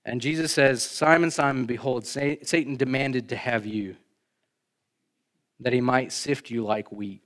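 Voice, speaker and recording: A male pastor delivers a sermon in a conversational, emphatic way. His voice sits at an ordinary middle pitch, climbing sharply for the key points and sinking quietly afterward, with casual asides to the congregation. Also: fairly even intonation, a little slow. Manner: emphatic, rising for stresses, then dropping low.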